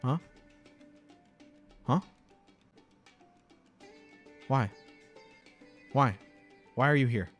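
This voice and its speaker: A man casually commentating card game replays, excitable and quick to burst into laughter. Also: medium pitch. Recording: faint background music.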